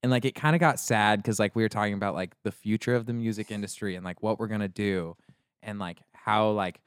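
A young man co-hosting a podcast, chatting casually and telling stories with lots of animated voices. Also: on the low side, brisk, smooth, no room sound, clean studio sound. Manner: animated storyteller acting out voices. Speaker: podcast co-host. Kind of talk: casual chat.

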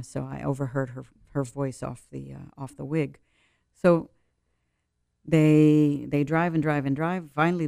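A woman's voice: rumbling low, vocal fry, mellow, no echo, clean studio sound. A middle-aged woman telling a personal story as an interview guest, earnest and vivid, building tension through repetition.

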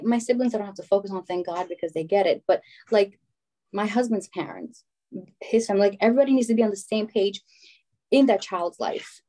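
A woman in her thirties telling stories in casual conversation, animated and acting out what others said. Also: medium pitch. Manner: animated storyteller, acts out quotes.

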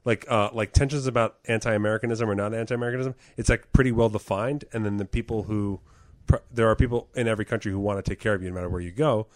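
A man co-hosting a comedy podcast, rambling casually with profanity, trailing off quietly. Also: fairly low pitch, fairly even intonation, fast talker, dry recording. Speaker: podcast co-host.

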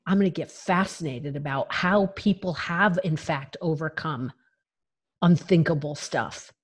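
Speaking at a measured pace with a breathy edge, a woman recounts her life openly as an interview guest. Her voice sits somewhat low. She is frank and emphatic and laughs lightly between phrases.

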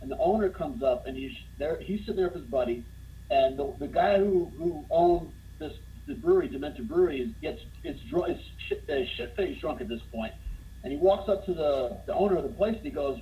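A man telling a funny bar story in casual conversation, getting more animated as he goes. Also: fairly quick, dull audio, slight background noise. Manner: animated, gets louder and higher as the story builds.

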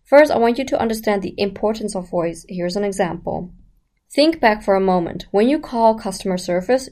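A woman's voice: medium pitch, darkish tone. A woman teaching about the voice in a chatty, explanatory way, speaking straight to the listener and asking rhetorical questions. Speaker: voice coach. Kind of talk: casual explanatory lesson.

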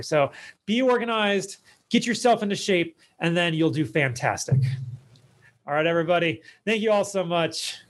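A man hosting his own podcast as a speaking coach, giving casual advice in a chatty, self-deprecating way with joking asides. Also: fairly high pitch.

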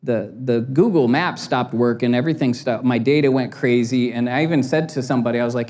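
A middle-aged man giving a sermon as a pastor, telling a lively story, acting out quotes and laughing at himself. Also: mid-range voice, a little fast, few pauses.

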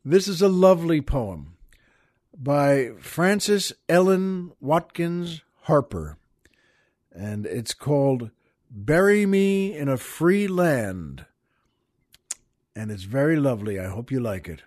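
A man hosting a show, telling a long joke in an unhurried, folksy way and laughing at his own punchlines. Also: fairly high pitch, very animated, a little mellow, dry recording, studio quality. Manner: slow, folksy storyteller who chuckles at his own jokes. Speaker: podcast host. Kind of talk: joke telling and poetry reading.

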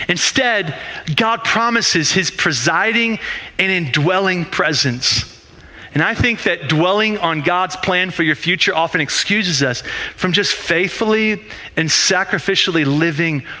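A man's voice: high voice, sharp tone. A man preaching a sermon as a pastor in a conversational way, with rhetorical questions and frequent restarts.

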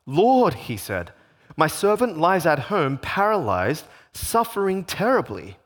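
A man's voice: a little high, wildly swooping pitch, a little slow. A man preaching a sermon, repeating phrases for emphasis and posing rhetorical questions. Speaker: pastor.

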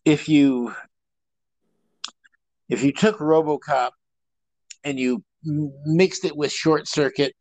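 A man's voice: on the high side, takes it slowly, pauses often, a little mellow, dry recording. A man co-hosting a casual comedy podcast, riffing and joking. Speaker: podcast co-host.

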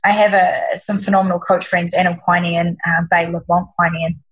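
Husky-voiced woman coaching earnestly. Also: fairly low pitch, level tone, moderate pace, poor audio. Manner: earnest, reflective, with frequent restarts. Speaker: leadership coach, podcast guest. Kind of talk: conversational interview answers.

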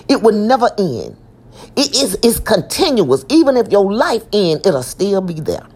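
A woman's voice: medium pitch, big pitch swings, measured pace, darkish tone, slightly rough. A woman preaching an impassioned sermon, emphatic and repeating her lines with asides to the listeners.

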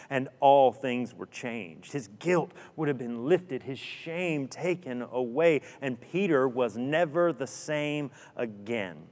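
A male preacher tells a story slowly and dramatically, piling up rhetorical questions and dropping to a hush at key moments. His voice has a middle pitch, and a long reverb trails each phrase as if in a large hall. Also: lively intonation. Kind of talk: sermon storytelling.

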